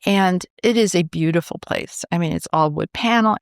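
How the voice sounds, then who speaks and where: Woman from new york telling a story, low gravelly voice, dry close mic, does all the voices. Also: moderate pace, no room sound. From New York, USA. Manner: animated, acts out quoted dialogue. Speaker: cancer researcher, guest. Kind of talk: storytelling in a podcast interview.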